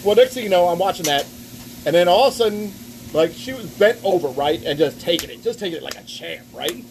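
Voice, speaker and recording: A man's voice: high-pitched, animated, a little fast, gravelly, darkish tone, slight background noise, low-quality recording. A man hosting a podcast live at a restaurant, telling crude rambling stories with lots of "right?" between lines. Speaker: podcast host. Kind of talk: casual crude podcast banter.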